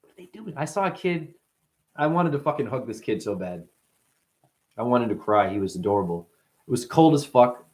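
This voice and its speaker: A man's voice: mid-range voice, lively intonation, normal speed, long pauses, a little mellow. A man talking as a spiritual teacher in a loose, profane monologue, playful and fond of acting out other people's voices. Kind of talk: rambling spoken monologue.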